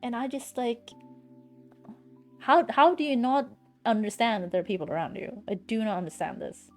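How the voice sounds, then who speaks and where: A woman's voice: fairly high pitch, moderate pace, soft background music. A woman streaming live from home, chatting casually in a blunt, ranting way and swearing freely.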